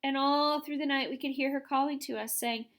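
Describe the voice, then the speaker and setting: A prim, dramatic lady spider played by a woman tells a rambling tale in a genteel, long-winded manner. Her voice sits a little high, and this is a storybook creature. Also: fairly even intonation, fairly quick, a bit bright. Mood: mournful.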